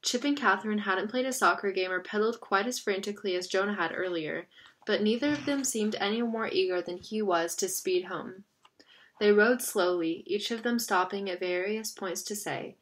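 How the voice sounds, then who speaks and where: A woman narrating a novel aloud in an expressive, steady reading style. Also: medium pitch, moderate pace. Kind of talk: audiobook reading.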